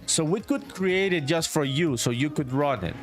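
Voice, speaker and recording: A man's voice: on the high side, animated, normal speed, faint music behind. A man from Honduras, a solo game developer chatting casually on a live stream, swearing freely and reading viewer comments aloud. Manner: laid-back, profane, reads chat aloud and answers it. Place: home in a small town.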